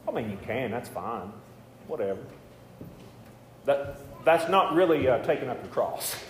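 A man's voice: fairly high pitch, very animated, normal speed. A male pastor preaching a sermon in a conversational way, with joking asides. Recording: echoey hall with faint noise.

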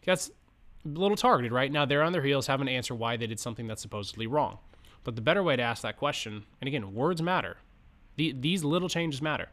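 A man's voice: medium pitch, animated, quick pace, fairly bright tone. A man hosting a podcast, coaching financial advisors in a casual, conversational way, often stopping to act out sample lines to clients. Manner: conversational, many fillers and restarts, acts out sample client lines. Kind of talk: casual instructional podcast talk.

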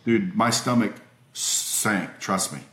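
A man's voice: fairly low pitch, takes it slowly, fairly bright tone. A man in his forties, a podcast guest, telling a story casually over a remote call from home, emphatic, swearing freely and often restarting his sentences. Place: at home with children nearby. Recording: roomy echo.

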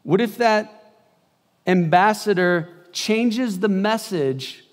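A man's voice: high-pitched, slow. Man preaching in a reverberant hall. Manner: conversational, swings between loud bursts and hushed passages. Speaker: pastor. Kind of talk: sermon.

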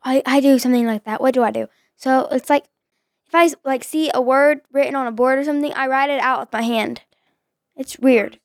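A woman's voice: high-pitched, fairly even intonation, brisk, no room sound, clean studio sound. A young woman, a daughter co-hosting a family chat, talking in a teasing, chatty way. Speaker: co-host, daughter.

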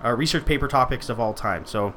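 A man's voice: medium pitch, quick pace, fairly bright tone, slight background noise. A man hosting a podcast in casual chat, teasing and profane. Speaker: podcast host.

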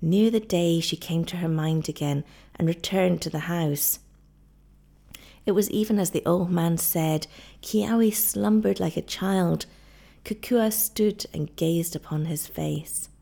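A woman narrating an audiobook with dramatic, expressive delivery. Her voice is lowish and gravelly, with a dark, mellow warmth. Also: slow pace.

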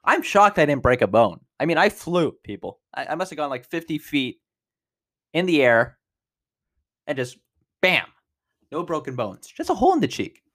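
A man in his twenties hosting a podcast, telling a personal story in a casual, animated way, with big jumps in pitch and loudness. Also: normal speed, pauses often. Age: 20s. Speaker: podcast host.

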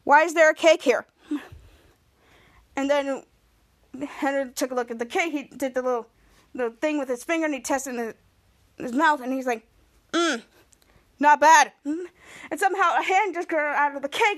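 A woman's voice: sits high, fairly quick, fairly bright tone. A woman podcast host giving a casual, rambling run-on recap of a TV episode. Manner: rambling, run-on narration with many restarts and giggles.

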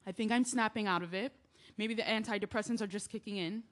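A woman's voice: mid-range voice, fast talker, natural voice. A woman playing a grieving young woman who tells her story in earnest, confessional letters, in an audio drama reading. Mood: reflective. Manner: earnest, confessional, rising to yelling. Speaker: narrator and lead.

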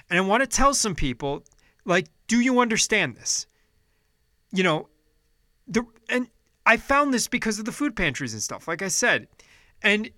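A man, upset and frustrated, rants with a high, sharp voice, full of swearing and broken-off restarts. His tone stays heated and indignant throughout. The sound is dry and close. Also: dry recording. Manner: heated, profane, restarting sentences. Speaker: vlogger. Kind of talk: angry political rant.

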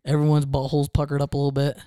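A man's voice: on the high side, racing, clear, resonant tone, no echo, clean studio sound. A man, co-hosting a casual podcast and telling a story, acting out what others said. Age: 20s. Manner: animated storyteller, acts out quotes. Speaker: podcast host.

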